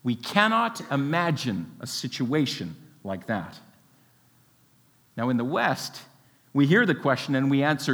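A man preaching a sermon, expressive and full of rhetorical questions, with a light laugh now and then. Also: mid-range voice, unhurried. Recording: long hall reverb.

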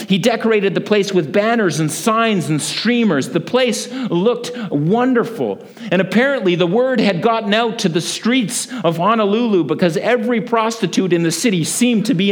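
A man preaching a sermon as a pastor, telling a story with lively acted-out voices. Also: high voice.

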